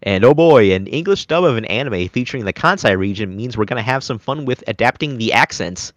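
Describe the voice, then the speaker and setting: A man hosts an anime review podcast, recapping episodes animatedly and now and then dropping into goofy voices. His voice sits at an ordinary pitch, recorded close and dry with no room sound. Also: animated, a little fast, no room sound. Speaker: podcast host. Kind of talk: casual anime review chat.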